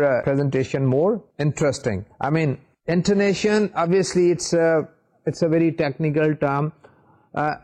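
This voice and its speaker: A man giving a recorded university lecture while seated, explaining in a measured way with frequent pauses. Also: on the high side, darkish tone. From Pakistan. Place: seated in a studio.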